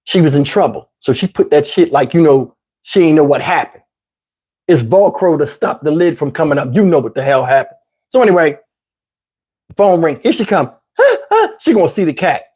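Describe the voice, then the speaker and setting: A man casually telling a story to his channel, in a slangy, profane, lively way. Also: a little high, brisk, slightly rough. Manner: profane, slangy, lively retelling with acted-out quotes.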